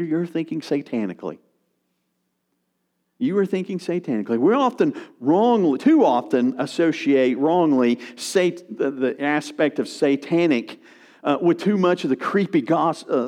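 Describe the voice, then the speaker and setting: A man preaching a sermon as pastor, emphatic, with his voice rising and falling in pitch and loudness.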